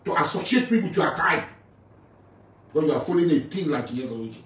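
Speaking fairly quickly in a higher, fairly bright voice with lively intonation, a middle-aged Nigerian English speaker, a militant leader, mocks and confronts a rival in an angry tirade. It's picked up by a distant mic in a roomy space with faint background noise.

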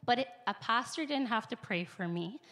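A woman's voice: fairly high pitch, lively intonation, moderate pace, sharp tone. A woman giving an earnest, emotional personal testimony at the front of a church, rambling at times and speeding up in bursts. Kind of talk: personal testimony before a congregation. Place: church sanctuary, speaking at the front.

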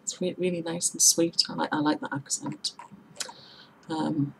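A woman's voice: low voice, fairly even intonation, measured pace, gravelly, slight background noise, low-quality recording. A woman from Middlesbrough with a Teesside accent, chatting casually in a tag video and explaining local words with examples and spellings. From Middlesbrough, England. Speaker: vlogger.

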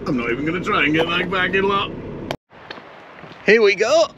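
A man's voice: sits high, lively intonation, moderate pace, pauses often, lo-fi sound. A middle-aged man with a Yorkshire accent chatting casually while driving his truck, swearing now and then. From Yorkshire, England. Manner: chatty, swears casually, sings snatches of songs. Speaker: truck driver vlogger. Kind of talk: casual driving vlog chat. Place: in a truck cab and outdoors at a lake. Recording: loud road and wind noise.

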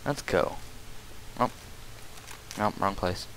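A man giving casual let's-play commentary, muttering asides and then yelling loud bursts at the enemies he fights. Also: sits low, takes it slowly, low-quality recording. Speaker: gameplay commentator. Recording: faint game noise behind.

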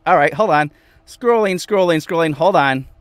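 A man's voice: fairly high pitch, moderate pace, smooth, no echo. Chatty man livestreaming from his van. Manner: animated, repeats himself, talks to viewers by name. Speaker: vlogger reading live chat. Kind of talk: casual livestream chat. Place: inside a van.

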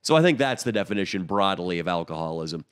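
A man's voice: sits low, very animated, fast, clean tone. A man co-hosting a podcast, telling crude stories in casual chat and laughing often. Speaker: podcast co-host.

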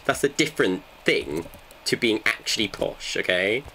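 Deep-voiced man, joking streamer. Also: animated, moderate pace, pushed and bright, a little hiss or hum. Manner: joking, bantering with chat. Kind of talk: casual live gameplay chat.

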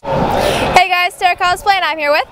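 A woman's voice: very high-pitched, steady tone, moderate pace, over music, a crowd in the background. A woman hosting upbeat interviews at a comic convention, bubbly and enthusiastic, gushing over her guests. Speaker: host. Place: outdoors at a convention.

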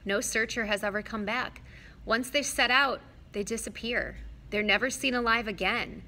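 Woman reading as a mournful, earnest young satyr; bright, lightly raised voice, storybook read-aloud. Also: fairly high pitch. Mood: earnest, sorrowful. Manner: sad, earnest, slow at times.

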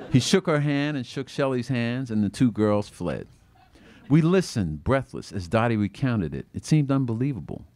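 A man, an author, reading aloud from his own book at a bookstore event, expressive and acting out the quoted voices. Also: mid-range voice, normal speed.

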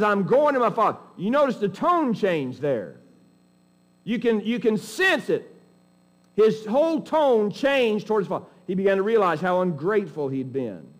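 A man preaching from the pulpit in a folksy, emphatic style. His voice sits a little high for a man, and he often breaks off and restarts his sentences as he presses his point. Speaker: pastor. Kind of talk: sermon.

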